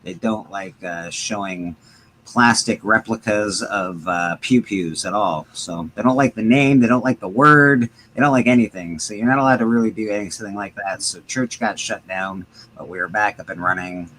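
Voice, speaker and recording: A man's voice: lowish voice, moderate pace, fairly bright tone, slight background noise, low-quality recording. A man hosting a live stream, chatting in an easygoing, joking way. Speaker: host of a live comics stream. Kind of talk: casual chat.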